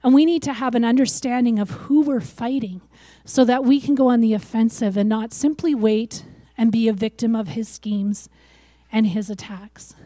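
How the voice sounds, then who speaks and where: An older woman giving a sermon, lively and acting out the voices she quotes. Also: on the high side, moderate pace, dry recording. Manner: animated, acts out quoted voices. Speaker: preacher.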